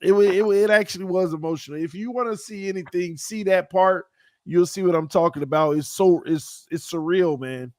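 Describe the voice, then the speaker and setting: A man's voice: sits high, a little fast, a little mellow, no echo. A man co-hosting a podcast, chatting casually about football in a laid-back, rambling way, often trailing off with "man". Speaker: podcast co-host. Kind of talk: casual sports chat.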